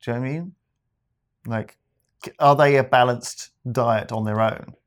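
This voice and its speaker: A man's voice: medium pitch, moderate pace. Podcast guy rambling along, hesitant, laid back casual chat. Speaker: podcast co-host.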